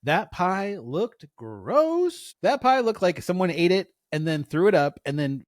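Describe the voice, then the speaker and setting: A man's voice: high voice, very animated, a little slow, no echo, clean studio sound. A man co-hosting a podcast in casual chat, rambling with lots of fillers and laughing at his own jokes. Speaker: podcast co-host.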